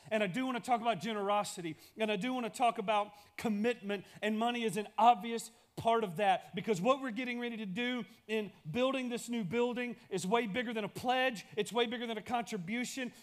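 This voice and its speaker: A male pastor delivering a sermon in a church, building emphasis through repeated phrases. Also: high voice.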